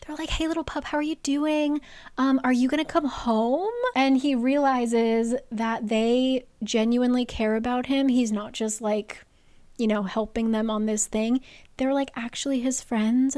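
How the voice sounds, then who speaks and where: A young woman casually recapping a novel's plot, chatty and playful, dropping into quick quoted voices for the characters. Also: on the high side, a little mellow, no echo. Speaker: book reviewer.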